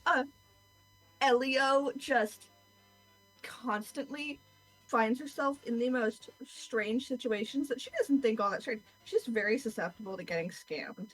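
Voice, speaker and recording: A woman chatting excitedly and casually with a friend, swearing now and then. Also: a little high, a little slow, soft background music, poor audio. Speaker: streamer's friend. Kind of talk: casual chat.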